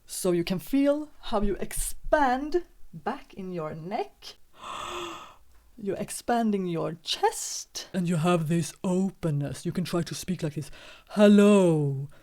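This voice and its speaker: Female singing teacher, lowish voice, calm and unhurried, patient warm-up instruction. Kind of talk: vocal warm-up lesson.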